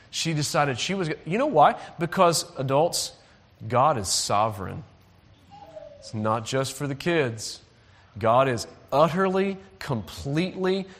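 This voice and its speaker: Lively man preaching to children. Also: medium pitch, big-room sound. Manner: lively, asks the audience to call out and join in. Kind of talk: animated Bible story for children.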